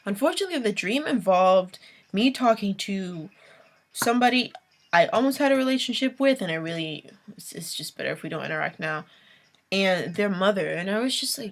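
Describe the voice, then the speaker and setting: A woman's voice: mid-range voice, animated, moderate pace, a bit bright. A young adult woman vlogging a late-night rant, exasperated, with sighs and whispered asides.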